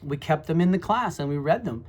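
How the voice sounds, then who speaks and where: A middle-aged former high school teacher telling classroom stories in a rambling, reflective way, full of asides. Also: expressive, brisk. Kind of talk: casual storytelling monologue.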